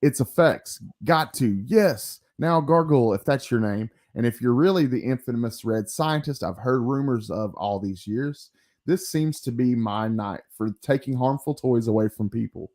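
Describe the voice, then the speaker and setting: A man's voice: mid-range voice, moderate pace, darkish tone, natural voice. A man reading a big green male brute's lines aloud from a comic, in his own plain voice. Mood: stern. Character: brutish green male giant, righteous and calm.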